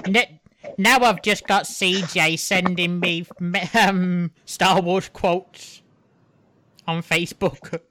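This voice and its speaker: A woman co-hosting a casual podcast chat, speaking in a halting, hesitant way. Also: on the low side, steady tone, fairly bright tone.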